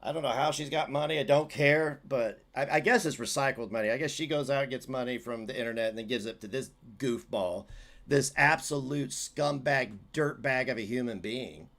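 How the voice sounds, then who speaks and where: A man's voice: mid-range voice, a little fast, gravelly, a bit bright. A man hosting a livestream, giving heated, sarcastic, profane commentary as he reacts to clips.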